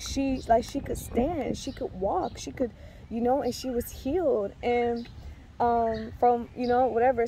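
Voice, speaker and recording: A young faith vlogger who is heavily pregnant shares her testimony casually, rambling with sincerity and frequently restarting or using fillers. Her voice is fairly high-pitched yet dark in tone, with slight background noise.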